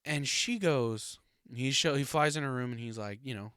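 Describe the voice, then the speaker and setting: Man, podcast host, casual rambling chat, swears a lot, laughs often, medium pitch, dry sound. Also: normal speed, few pauses, a bit bright, clean tone, dry recording.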